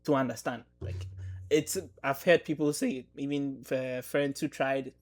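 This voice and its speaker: With faint music behind him, a podcast host chats casually with his guest, agreeing often and offering quick affirmations like "mm-hmm." He speaks a little slowly, with a medium pitch and fairly even intonation.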